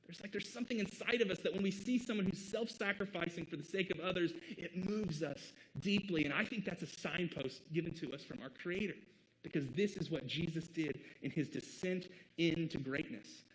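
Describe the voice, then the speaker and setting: A man's voice: sits high, normal speed, a bit bright, rough recording. A man from the American Midwest preaching a sermon as pastor in an earnest, conversational way, with short laughs between points. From Midwest United States.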